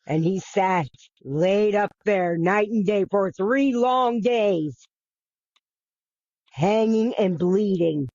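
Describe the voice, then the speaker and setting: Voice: mid-range voice, slow, a little mellow, no room sound. A podcast host retelling a bible story in a casual, earnest way, with frequent restarts, repetition and the odd swear. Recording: dull, dry lo-fi recording.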